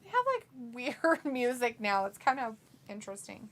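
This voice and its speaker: A woman's voice: fairly high pitch, sing-song, normal speed, a crowd in the background. An American woman co-hosting a wrestling watch-along stream, chatting casually, giggling often and reading viewer comments aloud in playful voices.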